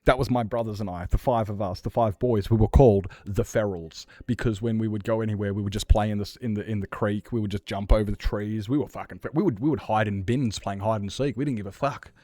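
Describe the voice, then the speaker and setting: An Australian man streaming a game, chatting casually in a rambling, sweary, animated way. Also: fairly low pitch, quick pace, few pauses, dry recording. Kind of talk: casual chat while gaming.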